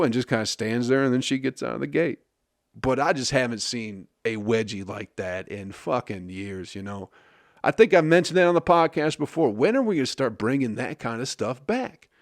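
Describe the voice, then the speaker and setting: A man hosts his podcast in a casual comedic monologue, swearing freely and rambling from one bit to the next. His voice sits at an ordinary middle pitch. The sound is close and dry, with no room around it. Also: a little mellow, no echo. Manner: profane, rambling, laughs at his own jokes. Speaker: podcast host.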